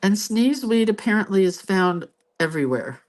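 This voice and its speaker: A woman's voice: medium pitch, expressive, normal speed, a little mellow. A woman hosting a casual live drawing tutorial from her craft desk, filmed on a phone. She chats and thinks aloud as she draws. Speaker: host and doodling teacher. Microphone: phone camera.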